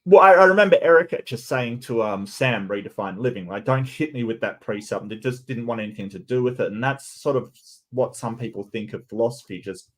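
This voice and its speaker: Halting man hosting an interview. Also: medium pitch, expressive. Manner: halting, searching for words. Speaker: host. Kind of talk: casual interview.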